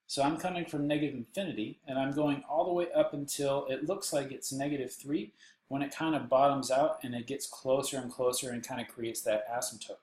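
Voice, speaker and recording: A man's voice: mid-range voice, fairly even intonation, fairly quick, a little mellow, roomy sound, a little hiss or hum, rough recording. A man with a Texan accent teaching a recorded math lesson while seated, with playful jokes and silly voices on the side. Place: indoors, seated.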